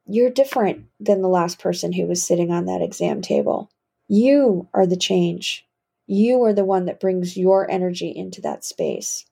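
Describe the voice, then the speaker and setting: A middle-aged woman hosting a reflective solo podcast, musing slowly and often restarting her words. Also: medium pitch, vocal fry, warm tone, breathy edge. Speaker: podcast host.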